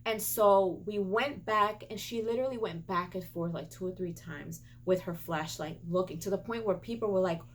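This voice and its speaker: A woman vlogger telling a personal story in an emotional, animated way, stumbling over her words and turning into an indignant scolding rant. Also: mid-range voice, moderate pace, few pauses, a little hiss or hum. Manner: emotional, animated retelling with repeated stumbles and restarts. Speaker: beauty and gaming vlogger.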